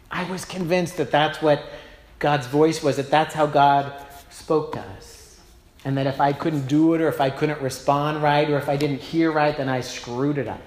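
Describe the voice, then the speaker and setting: Male pastor, conversational sermon, slightly high voice, echoey church room with faint hiss. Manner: conversational storytelling, personal and self-deprecating. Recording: roomy echo, faint background noise.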